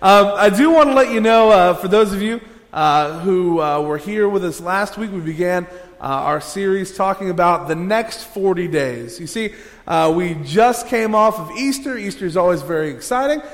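A man's voice: high-pitched, expressive, normal speed. A man preaching a sermon as pastor, casual and joking, leading the congregation through a hands-on exercise. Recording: long hall reverb.

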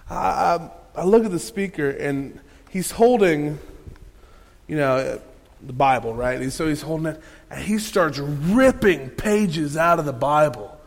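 A man preaching a sermon, telling a lively personal story with playful asides to the congregation. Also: on the high side, measured pace, creaky. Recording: long hall reverb.

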